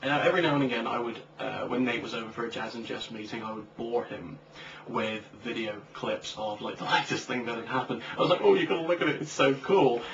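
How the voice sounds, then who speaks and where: A man's voice: mid-range voice, fairly even intonation, fairly quick, creaky, fairly bright tone. A young man chatting casually as a co-host, rambling and joking with lots of fillers. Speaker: co-host, comic creator. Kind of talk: casual chat. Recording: distant lo-fi mic with faint hiss.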